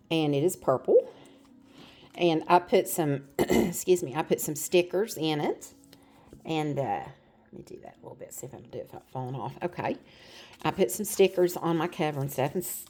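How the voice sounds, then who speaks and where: A woman's voice: sits low, darkish tone. A middle-aged woman chatting casually to her phone camera, rambling with fillers as she shows off items. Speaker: vlogger. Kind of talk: casual show-and-tell chat.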